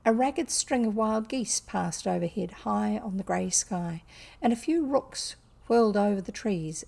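A bluff, cheerful male otter from a storybook, telling his tale with gusto, as a woman voices him. The voice is mellow and husky with a gravelly grain. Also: medium pitch. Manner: lively, boisterous storytelling. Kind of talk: storybook reading.

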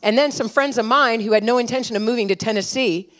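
A middle-aged woman preaching at a conference, telling stories with animated energy and urgent exhortation. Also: fairly high pitch, quick pace. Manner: animated storytelling, laughing at her own stories. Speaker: conference speaker. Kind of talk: sermon.

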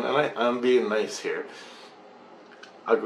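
A man's voice: mid-range voice, fairly even intonation, normal speed, pauses often, slight background noise. A man ranting in a rambling monologue, agitated and swearing constantly. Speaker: vlogger. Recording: roomy echoey recording.

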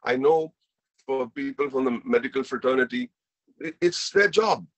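A man's voice: medium pitch, normal speed, dry recording. A man with an Indian English accent telling a personal story as a guest speaker, earnest and emotional, often repeating himself.

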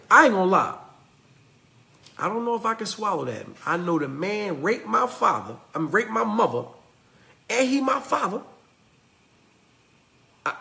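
Fiery storytelling man, bright and gravelly. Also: high-pitched. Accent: Southern US. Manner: preachy storytelling, swinging from loud to hushed. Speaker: motivational speaker. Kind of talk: passionate motivational talk.

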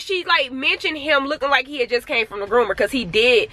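A woman chatting casually to her vlog camera outdoors at a park while she walks her dog, ranting in slangy, animated talk. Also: high voice, brisk, hardly any pauses, no room sound. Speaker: family vlogger.

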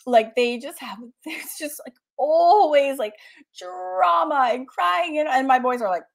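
Woman, forties, from Massachusetts, art teacher hosting a livestream; chatty, laughs a lot, slightly high voice. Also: animated, unhurried, creaky. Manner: chatty, laughs often, reads viewer comments aloud. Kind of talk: casual livestream chat.

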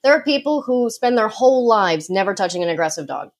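Woman guest, mid-pitched, sure-footed explainer who slips in quick laughs; podcast interview. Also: expressive. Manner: confident, explanatory, quick asides with light laughs. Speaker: dog behavior consultant guest.

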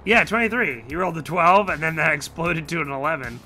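A man's voice: on the high side, brisk, sharp tone, faint music behind. A man narrating a tabletop game as game master, casual and full of fillers.

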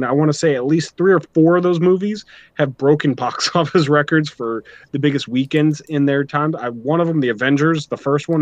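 Reading from his notes, a talkative podcast host shares plenty of opinions in a casual style. His voice is medium-pitched, and the recording has no room sound and cut-off highs.

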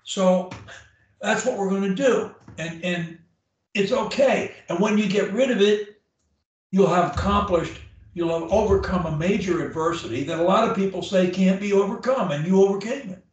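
In a one-on-one session, a man coaches a client through speech drills, speaking emphatically and demonstrating each one aloud. His voice is high and his pace moderate, captured by a distant mic in a very echoey room.

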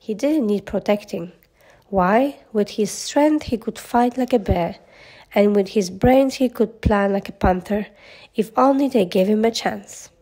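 A woman narrating a children's storybook aloud in a gentle, measured way. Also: medium pitch.

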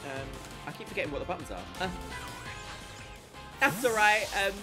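A woman's voice: lowish voice, moderate pace, music in the background. Chatty woman streaming a game. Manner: chatty, reads chat aloud, giggly, animated. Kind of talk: casual live-stream chat while gaming.

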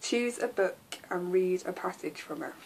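A woman's voice: lowish voice, unhurried, vocal fry, a little mellow, a little hiss or hum. A young English woman in her twenties, chatting casually to camera with frequent ums and little laughs. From England. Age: 20s. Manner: chatty, giggly, lots of ums. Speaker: vlogger.

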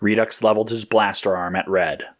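Give me a low-voiced man narrating an action story in a steady way. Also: a little fast.

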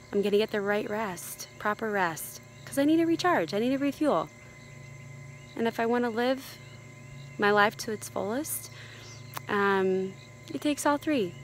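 A woman's voice: medium pitch, a little hiss or hum, rough recording. A woman who attended a retreat, giving an upbeat, reflective testimonial. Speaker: retreat guest.

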